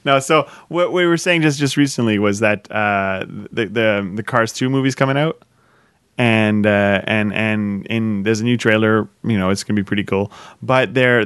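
A man's voice: lowish voice, a bit bright, clear, resonant tone, no echo, studio quality. A man hosting a podcast in casual chat, rambling, repeating himself and laughing often. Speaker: podcast host.

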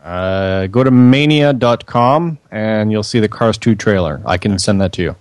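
A man chatting casually on a podcast, hesitant with many filler pauses. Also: lowish voice, dry recording, studio quality. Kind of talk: casual chat.

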